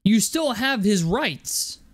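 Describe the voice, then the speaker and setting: A man's voice: high-pitched, very animated, slow pace. A young man delivering an angry, profane basketball rant, stumbling over and repeating his words as he vents. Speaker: sports commentator.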